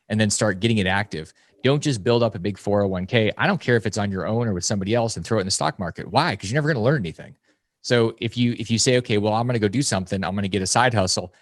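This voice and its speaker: Fast-talking blunt man in his forties. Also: fairly low pitch, no echo. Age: 40s. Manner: emphatic, swings into loud mocking quotes. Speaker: podcast guest. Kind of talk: fast, blunt podcast talk.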